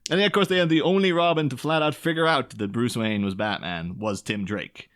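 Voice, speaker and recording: A man co-hosting a comedy podcast, retelling comic scenes in an animated, chatty way. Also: medium pitch. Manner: animated, slips into quick silly voices for quoted characters. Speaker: podcast co-host.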